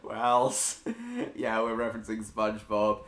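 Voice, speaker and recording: A man's voice: on the low side, little pitch movement, measured pace, a bit bright, reverberant. A man hosting a casual live stream, reading viewer messages aloud and answering them.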